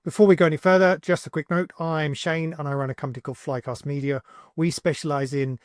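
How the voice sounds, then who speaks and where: A man hosting a software tutorial, talking casually and thinking aloud with fillers as he builds something on screen. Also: fairly high pitch, fairly even intonation, quick pace, dry recording, clean studio sound. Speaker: tutorial host, agency owner.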